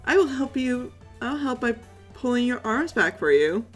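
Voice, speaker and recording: A woman's voice: a little high, big pitch swings, normal speed. A flamboyant young hunter, chirpy and courtly, gushing with politeness, as a woman puts him on. The voice sits a little above her own, with faint music underneath.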